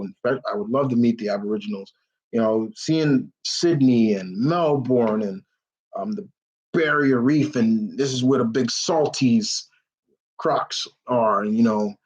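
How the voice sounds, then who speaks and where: A man's voice: medium pitch, muffled recording. A man hosting a live question-and-answer stream, chatting enthusiastically in a rambling way, full of fillers and restarts. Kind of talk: casual rambling chat.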